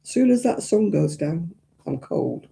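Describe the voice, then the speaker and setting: A woman's voice: on the low side, huge pitch swings, measured pace, creaky, warm tone, slight background noise. A woman chatting casually and homely to her live-stream viewers as she crochets, rambling and yawning often. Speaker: craft live-stream host.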